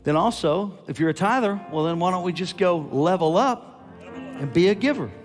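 A man preaching a sermon as a guest preacher, animated and loud at his peaks, with quick asides to the crowd. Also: high-pitched, faint music behind.

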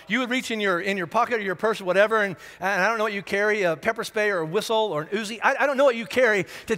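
A man preaching a sermon as pastor, talking in an animated, conversational way with many restarts and asides. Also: sits high. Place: large church auditorium. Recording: long hall reverb.

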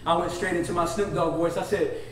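A man's voice: on the high side, steady tone, a little fast, crowd noise. A man, a guest speaker telling a comic story in a church sermon and acting out the dialogue with animation. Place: church sanctuary. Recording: echoey church hall, distant, noisy.

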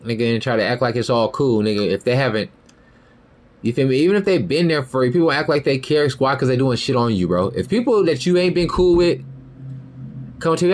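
Rambling, profane young man. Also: mid-range voice. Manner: rambling, profane, keeps asking "you feel me". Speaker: podcast host. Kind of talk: casual monologue.

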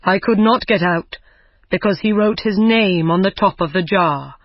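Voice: medium pitch, normal speed, dry recording, natural voice. A reader voicing an angry giant. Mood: recounting. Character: angry male giant freed from a jar. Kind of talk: simple audiobook reading for learners. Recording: dull lo-fi recording.

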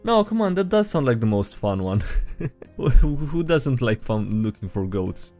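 A man's voice: on the low side, sing-song, unhurried, warm tone, faint music behind. A man hosting a video, reading and reacting to tabletop game memes in playful, casual commentary and laughing often.

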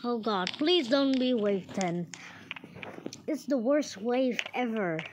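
A woman's voice: on the high side, expressive, slow, noisy background. A woman giving casual, playful commentary on her own gameplay, chatting to herself and eating and drinking on mic. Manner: playful, chatty, talks to herself while playing. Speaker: gamer. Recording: game music playing under the voice. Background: game music.

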